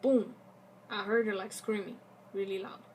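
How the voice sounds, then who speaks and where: A young woman vlogger telling a casual storytime, animated and acting out the quotes of the people in it. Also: mid-range voice, moderate pace, a little hiss or hum.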